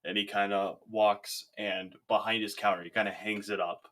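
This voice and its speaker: A man's voice: on the low side, level tone, moderate pace, sharp tone. A man running a tabletop game as game master, narrating in an easygoing way with frequent laughs and fillers.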